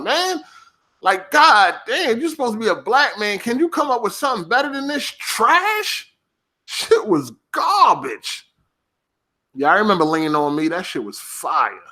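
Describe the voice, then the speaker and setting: A podcast host, swearing heavily as he talks casually and snaps back at his livestream chat. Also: high-pitched. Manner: profane, animated, reacting to chat.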